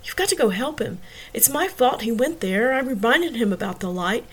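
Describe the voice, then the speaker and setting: A woman reading the part of a panicked young woman calling for help, rushed and frantic. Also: on the high side, darkish tone, voice pushed up, lightly acted, low-quality recording. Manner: frantic, rushed, self-blaming.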